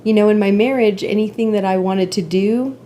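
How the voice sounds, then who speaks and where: A woman's voice: mid-range voice, a little fast, dark tone, a little hiss or hum. A woman in her forties, a podcast guest, talking openly and emotionally in a casual conversation. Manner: open, emotional, candid storytelling.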